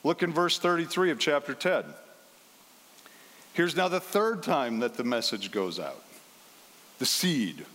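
A man with a somewhat high voice delivers a Sunday sermon in an easy, conversational way. He slips into small acted voices for the people in the passage. His voice rings out with a long reverb, as in a large sanctuary. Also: lively intonation, measured pace, long pauses, fairly bright tone. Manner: conversational, acts out the quoted lines. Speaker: pastor.

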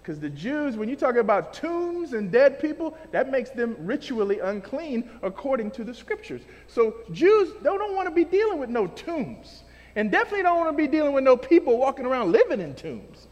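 A man preaching a sermon in a casual, animated way, using everyday slang as he explains scripture. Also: very high voice, moderate pace, long reverb tail.

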